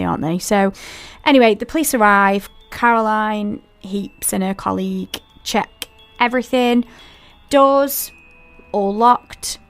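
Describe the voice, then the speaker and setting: A woman's voice: medium pitch, creaky. A woman hosting a podcast, telling a paranormal story in a chatty way and talking straight to her listeners with asides. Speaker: podcast host.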